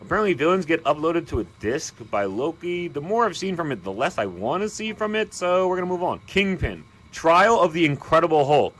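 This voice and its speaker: Man doing a ranking commentary rant, voice sits a bit high and swings widely, exasperated and animated. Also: brisk, few pauses, slight background noise. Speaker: video commentator.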